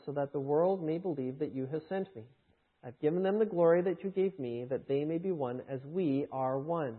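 Guy preaching a sermon, kinda high voice, lots of rhetorical questions, sounds like a phone line. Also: slightly rough. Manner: emphatic, rhetorical questions, reads scripture aloud. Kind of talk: sermon teaching.

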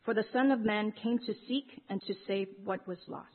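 Woman, scripture reading, measured, husky, tinny phone-like recording. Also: medium pitch. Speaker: scripture reader. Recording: narrow phone-like sound.

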